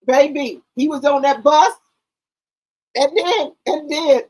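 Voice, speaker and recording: High-voiced woman streamer, laughing and profane. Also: unhurried, poor audio. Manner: animated, laughing, profane storytelling. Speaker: live stream host. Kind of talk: casual chat on a live stream.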